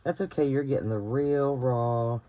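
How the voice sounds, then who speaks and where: A very deep, mellow voice at a moderate pace belongs to a tired bookbinding crafter with a West Virginian accent, hosting her channel late at night. She gives a casual hands-on tutorial, thinking aloud, rambling and searching for words, while paper crinkles and clicks clearly in the background.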